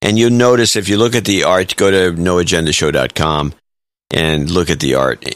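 A man co-hosting a podcast, bantering in a dry, deadpan way. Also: sits low, moderate pace, no echo. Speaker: podcast co-host. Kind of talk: casual chat.

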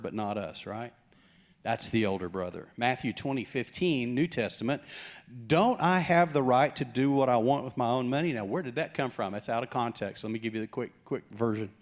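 Joking, animated pastor preaching. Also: male voice, on the low side. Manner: jokey, animated preaching with acted-out quotes. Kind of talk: sermon.

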